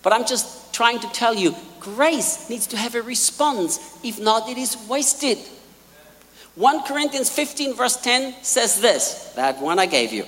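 A man preaching a sermon in a large hall, emphatic, repeating key lines and swinging between quiet asides and loud peaks. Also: extremely high pitch, animated, a little slow. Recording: long hall reverb.

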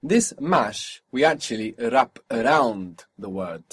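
A man's voice: medium pitch, very animated, measured pace, husky. A man teaching a spoken language lesson, patiently asking for phrases, repeating each answer back and explaining pronunciation.

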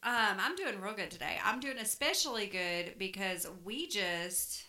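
Bright-voiced Southern woman chatting. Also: mid-range voice, expressive, measured pace. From Louisiana, US South. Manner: chatty, folksy, laughs easily. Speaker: podcast co-host. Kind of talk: casual chat.

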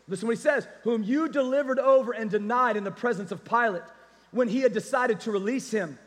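A man preaching a sermon as pastor, energetic and calling out to the congregation. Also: very high voice, brisk, in a large hall.

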